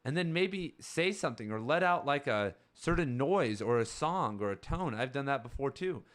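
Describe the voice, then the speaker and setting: A man hosting a podcast, talking casually and rambling about a book chapter in a relaxed way. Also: medium pitch, normal speed. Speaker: podcast host.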